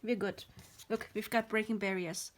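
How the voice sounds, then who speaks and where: A woman's voice: mid-range voice, fairly even intonation, normal speed. A woman giving a pick-a-card tarot reading on her channel. She rambles, apologizes often, talks about spiritual ideas and drops to a whisper now and then.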